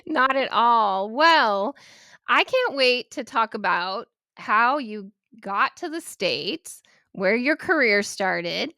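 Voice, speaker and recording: A woman hosting a podcast, chatting with her guest in a warm, gushing way and laughing easily. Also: on the high side, expressive, takes it slowly, no room sound, studio quality. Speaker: podcast host. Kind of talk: casual interview chat.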